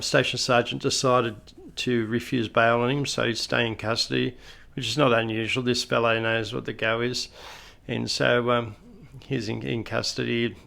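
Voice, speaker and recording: A man's voice: medium pitch, gravelly, a bit bright. A middle-aged Australian man telling anecdotes in a casual, conversational way with folksy asides. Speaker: retired police officer storyteller.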